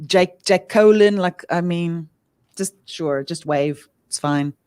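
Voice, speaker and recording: A woman's voice: on the low side, takes it slowly, darkish tone, clear, resonant tone. A woman co-hosting a talk show, chatting in a playful, teasing way. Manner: playful, teasing, laughs along. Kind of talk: casual talk-show chat. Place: studio.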